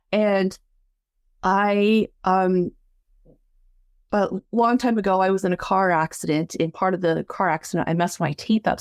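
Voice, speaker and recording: A woman telling a personal story in a lively, casual way, acting out the voices she quotes and laughing along. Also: no echo, studio quality. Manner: animated, acts out quoted voices with big pitch jumps; laughs often while telling. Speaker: guest storyteller.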